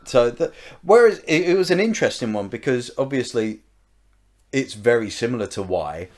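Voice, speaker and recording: A man's voice: mid-range voice, expressive, moderate pace, darkish tone. A man hosting a podcast, chatting in an easygoing, amused way. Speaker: podcast host. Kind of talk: casual chat.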